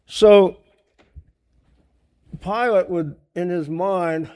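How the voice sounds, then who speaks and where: Male preacher, earnest and questioning, somewhat high voice with a dark, mellow tone, sermon delivery. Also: a little slow. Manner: earnest, asks rhetorical questions; writes on a board while teaching.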